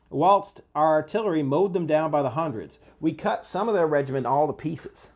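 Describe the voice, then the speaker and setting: A man plays a young Southern soldier, using a put-on American Southern accent to read his letter home in a boastful, spirited voice. He pitches it a bit higher and louder than a plain reading, with a gravelly edge.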